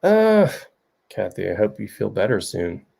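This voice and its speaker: A man's voice: lowish voice, huge pitch swings, a little slow, vocal fry, dark tone, slightly rough. A middle-aged man, an author hosting a livestream, chatting loosely and jokingly with viewers and reading their comments. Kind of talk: casual chat.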